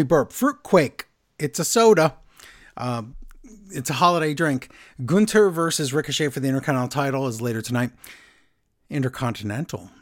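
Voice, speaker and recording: A man casually recapping a wrestling show, sarcastic and animated, reading from his notes. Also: medium pitch. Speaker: podcast host recapping wrestling. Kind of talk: casual chat.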